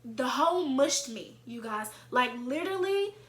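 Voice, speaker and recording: A young woman vlogger telling a storytime tale in an animated, chatty way. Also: high-pitched, measured pace. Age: young adult. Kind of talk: storytime vlog. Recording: echoey room.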